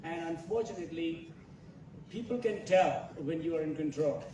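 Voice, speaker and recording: A director telling animated stories at a festival masterclass, quoting other people as he goes. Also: a little high, normal speed, a little hiss or hum. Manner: animated storytelling, quotes others. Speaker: film director. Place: large festival hall. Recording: echoey hall, picked up from far off.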